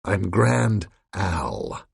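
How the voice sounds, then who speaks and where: A man's voice: sits low, big pitch swings, drawn-out words, gravelly, slightly rough, dry recording, studio quality, heavily acted. A man voicing a brutish, crude male fish-monster who spits out threats in a storybook reading. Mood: taunting.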